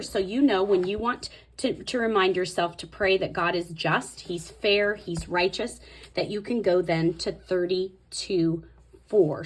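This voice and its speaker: A woman hosting a casual craft tutorial, thinking aloud as she writes and softly repeating words to herself. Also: lowish voice, husky. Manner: fast talker. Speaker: host.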